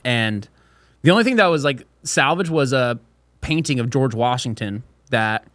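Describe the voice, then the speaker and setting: A man's voice: mid-range voice, animated, normal speed, fairly bright tone, no echo. A young man hosting a casual podcast, telling crude, rowdy stories and mimicking voices. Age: young adult. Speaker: podcast host.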